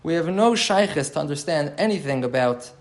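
A man's voice: fairly high pitch, lively intonation, brisk. A man giving an explanatory Torah class, thinking aloud and repeating key phrases as he explains. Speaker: Torah teacher.

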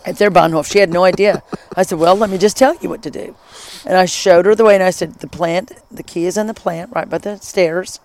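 Chatting casually, a middle-aged person who once taught high school shares a travel story a little fast. The telling is enthusiastic and lively, with plenty of asides.

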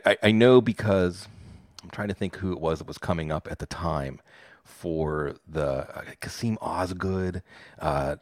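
A Pittsburgh man in his forties, a fantasy football podcaster, tells stories in a casual interview, enthusiastic and self-deprecating. His voice is low, the studio sound clean, with no room sound.

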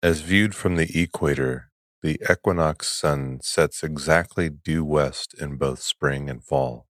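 Deep, slow soothing male sleep-podcast voice. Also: no echo, clean studio sound. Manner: soft, slow and calm, drifting lower and quieter. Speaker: podcast host.

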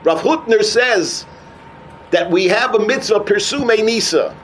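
A man with a giving a sermon as an animated storyteller who mixes in Hebrew and terms. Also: sits high, measured pace, crowd noise, low-quality recording. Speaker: rabbi.

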